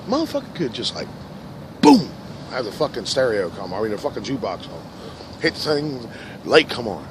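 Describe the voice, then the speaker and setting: A man rambling through a profane monologue, dropping to low mutters and then rising into loud rants, recorded in a park. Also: very animated, moderate pace, long pauses. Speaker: vlogger. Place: park outdoors. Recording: outdoor recording with traffic noise. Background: passing cars and outdoor ambience.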